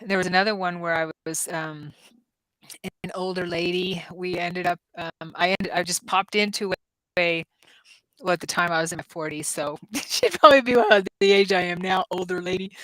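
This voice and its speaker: A woman in her fifties hosts a casual livestream chat and tells long stories with ums and restarts. Her voice sits a little low. The sound is dry and close. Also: moderate pace, fairly bright tone, dry recording, rough recording. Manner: chatty storyteller with many ums and restarts. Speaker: psychic-medium host.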